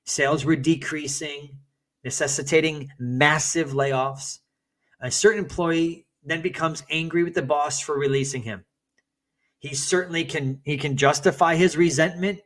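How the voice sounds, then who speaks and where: A man's voice: fairly high pitch, steady tone, measured pace, a bit bright. A man giving an earnest motivational talk to other men, speaking emphatically and sometimes restarting his phrases.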